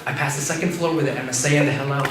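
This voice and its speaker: Filmed from far away in a noisy, echoey campus restaurant, a young stand-up comic rambles through an open mic set full of fillers, laughing at his own material. He talks very fast in a slightly high voice with fairly even intonation.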